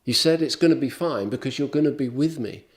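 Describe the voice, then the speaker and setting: A preacher voicing reluctant Moses making excuses. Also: male voice, mid-range voice, brisk, natural voice. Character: reluctant Moses, grown man full of excuses. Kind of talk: sermon storytelling.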